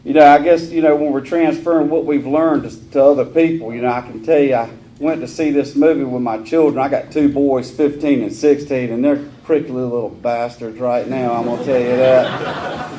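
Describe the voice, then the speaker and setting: Give me a mellow-voiced Southern man sharing his recovery story, plainspoken and joking, with a faint hum of the room behind. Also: medium pitch, fairly even intonation, normal speed. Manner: folksy, rambling storyteller with rough humor. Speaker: AA meeting speaker. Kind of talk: personal recovery talk.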